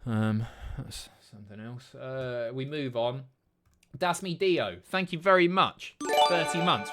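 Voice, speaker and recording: A man in his thirties chats casually while hosting a livestream. His voice is lively and bouncy in pitch, and his talk is blunt, sweary and sardonic. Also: unhurried, soft background music. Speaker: livestream host. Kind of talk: casual stream chat.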